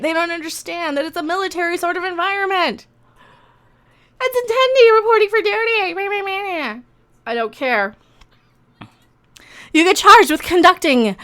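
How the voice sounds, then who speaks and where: A woman's voice: high-pitched, fairly bright tone. A woman hosting a live reaction stream, giving sarcastic, ranting commentary and swearing often. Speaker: reaction video host.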